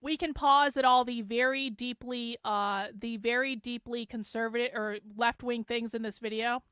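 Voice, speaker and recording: High, sarcastic woman livestream host. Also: fairly even intonation, moderate pace, a bit bright, smooth, no room sound, clean studio sound. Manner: profane, sarcastic, talks straight to chat. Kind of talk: livestream commentary.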